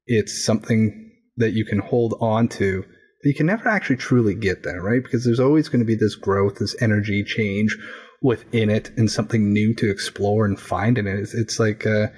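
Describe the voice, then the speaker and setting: A man's voice: fairly low pitch, normal speed, darkish tone, breathy edge. A man speaking as a podcast guest, a coach who muses reflectively and restarts his sentences as he searches for words. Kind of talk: casual podcast conversation.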